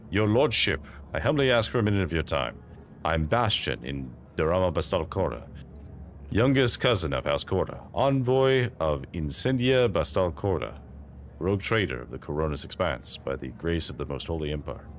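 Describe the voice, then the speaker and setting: A man's voice: low voice, expressive, normal speed, a little hiss or hum. A man voicing a polished young male noble envoy with a slight Spanish accent, humble and formal as he reads game dialogue aloud. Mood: courteous.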